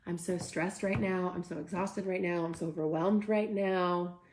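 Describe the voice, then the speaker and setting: A woman's voice: lowish voice, steady tone, moderate pace, darkish tone, roomy sound. A young woman hosting a casual live stream, reading viewer comments aloud and reacting with upbeat energy. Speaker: host.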